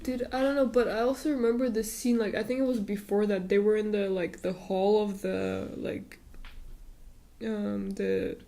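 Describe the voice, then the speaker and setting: A woman's voice: medium pitch, steady tone, moderate pace, gravelly, warm tone. A young woman co-hosting a podcast in casual chat, hesitant, trailing off and using many fillers. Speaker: podcast co-host.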